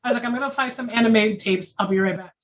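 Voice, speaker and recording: A woman guest on a podcast, telling anecdotes in a quick, chatty way. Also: on the high side, dull audio. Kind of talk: casual chat.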